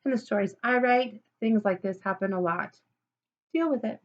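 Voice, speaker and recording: A woman's voice: medium pitch, normal speed, dull audio. A woman reading a children's book aloud, with playful, chatty asides to the listener. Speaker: storybook reader.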